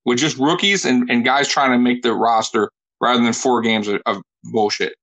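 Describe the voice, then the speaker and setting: A man's voice: mid-range voice, fairly even intonation, moderate pace, fairly bright tone, muffled recording. A man hosting a casual sports chat, blunt and emphatic, often saying "bro". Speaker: podcast host.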